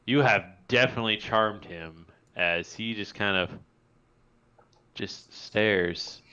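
A man running a tabletop game as game master, narrating and ruling in a halting way with many restarts. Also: lowish voice, sharp tone, smooth. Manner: halting, full of restarts and fillers. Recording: dull lo-fi voice chat audio.

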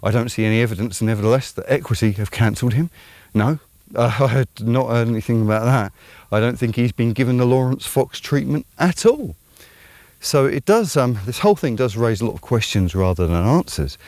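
A man's voice: mid-range voice, lively intonation, a little fast, a little mellow, dry recording. A man with an Estuary English accent hosting his own channel, talking through an opinionated commentary in a rambling, conversational way full of ums. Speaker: channel host.

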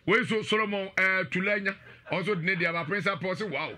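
High, bright-voiced radio host. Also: male voice, moderate pace. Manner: animated, laughing, shouting out viewers. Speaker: radio and live-stream host. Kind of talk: lively presenter banter, reading live comments.

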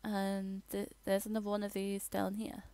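A woman rambling through a casual game voiceover, halting and restarting as she tours her builds. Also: mid-range voice, monotone, warm tone, clear, resonant tone, no room sound. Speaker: gamer giving a tour.

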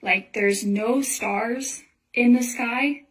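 A woman's voice: fairly high pitch, drawn-out words. A young woman earnestly telling a personal religious dream in a casual, rambling way, full of filler words. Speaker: Christian testimony speaker. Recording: voice a little far from the mic.

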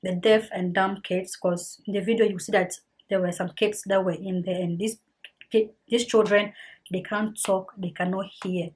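Husky woman, earnest vlog talk. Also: medium pitch, fairly even intonation, normal speed, a little mellow. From Ghana. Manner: earnest, heartfelt, repeats herself for emphasis. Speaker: vlogger. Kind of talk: casual talk to camera.

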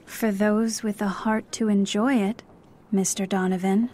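A woman voicing a lonely young woman in mourning, speaking softly and wistfully in a storybook reading. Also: mid-range voice, slow, voice pushed up, natural voice. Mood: sorrowful.

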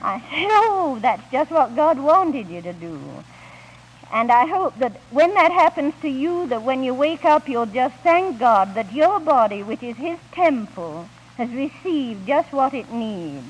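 A woman speaking at a 1950s Christian camp meeting, gently telling homely stories as she ministers, on an old archival recording. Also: high-pitched, sing-song, measured pace, breathy edge, rough recording. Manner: gentle storytelling with homely anecdotes. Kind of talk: 1950s recorded devotional talk.

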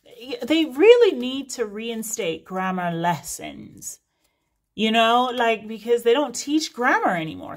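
A woman's voice: on the high side, big pitch swings, measured pace. A woman giving a casual, unscripted reading as a host, talking in a chatty, rambling way with frequent laughing digressions. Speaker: tarot reader.

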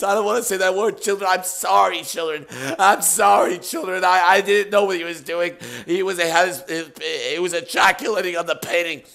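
Man, stream host, high voice, gravelly edge, stammering, overwrought comic banter. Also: fairly even intonation, a little fast, hardly any pauses, a bit bright. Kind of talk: comedic ASMR painting stream banter.

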